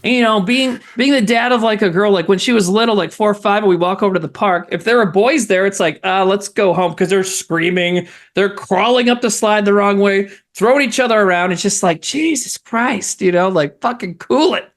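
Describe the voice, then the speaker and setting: A man's voice: high voice, a little fast, hardly any pauses. A middle-aged man co-hosting a podcast, chatting casually and rambling, swearing and laughing often. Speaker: podcast co-host. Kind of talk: casual chat.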